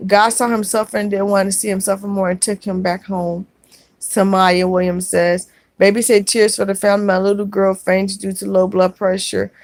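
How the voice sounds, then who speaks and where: A woman hosting a live stream, reading viewer comments aloud and answering them in a gentle, consoling way, calling people sweetheart and baby. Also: mid-range voice, no room sound. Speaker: vlogger reading live chat.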